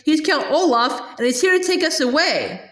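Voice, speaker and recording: A woman's voice: sits high, big pitch swings, normal speed, a bit bright, roomy sound, voice pushed up. A woman voicing a determined, clever young girl who speaks firmly, while reading a storybook aloud. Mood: earnest.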